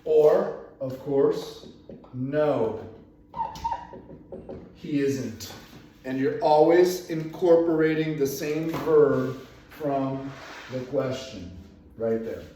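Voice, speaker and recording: A man leads a grammar lesson with a slightly high, unhurried voice, repeating phrases as he works through examples. He is picked up from a distance in a very echoey classroom, with faint room ambience underneath. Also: mellow, a little hiss or hum. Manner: slow, repeats phrases, moves around the room. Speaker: English teacher. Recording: echoey room, voice from away from the mic.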